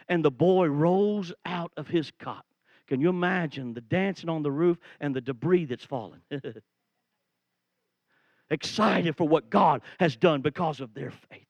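A man preaching a sermon, telling a Bible story with animated energy and acting out the quoted lines, rising to shouts. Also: sits high, dry recording, muffled recording.

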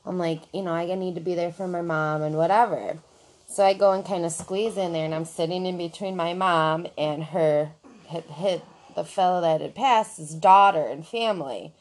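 A woman on a podcast telling a story about herself in casual chat, animated and self-mocking, swearing freely. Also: lowish voice, moderate pace.

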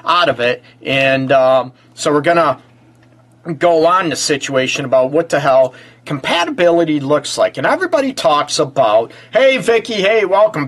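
A man hosting a live-streamed relationship advice show, hoarse and stuffy from a cold, chatting loosely with lots of fillers and greeting viewers. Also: a little high, fairly bright tone. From Michigan. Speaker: relationship counselor and show host.

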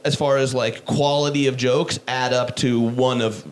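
Casual male podcast host, easygoing storyteller, mid pitch, faint hiss behind. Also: fairly even intonation, moderate pace. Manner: laid-back storytelling, swears casually.

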